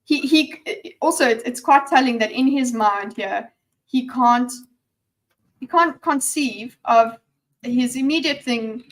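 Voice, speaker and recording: A chatty woman with a slightly high voice, giving casual commentary as she reacts to a video. She talks in an animated way, stumbles over repeated words and restarts her sentences, and sometimes drops almost to a whisper.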